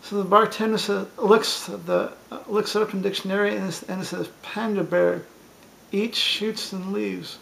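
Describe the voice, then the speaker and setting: A man runs through a list of bar jokes one after another, reading them in a plain storytelling way and tripping over a word now and then. His voice sits high with a gravelly edge. A faint hiss stays under the recording. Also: steady tone, moderate pace, a bit bright, rough recording. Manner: plain storytelling delivery with small stumbles. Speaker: joke teller.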